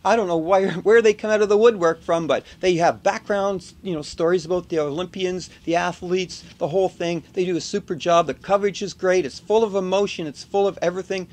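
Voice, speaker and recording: A man's voice: high-pitched, fairly even intonation, a little fast, hardly any pauses, a little mellow. A middle-aged man from Canada, telling stories in a casual, jokey video blog and laughing often. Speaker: video blogger. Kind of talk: casual storytelling vlog.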